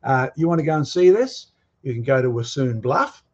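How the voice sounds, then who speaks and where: A man's voice: mid-range voice, sing-song, moderate pace, a little mellow, husky, dull audio. A man giving a lecture with slides, emphatic and full of rhetorical questions and challenges to his audience. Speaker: guest speaker on creation and fossils.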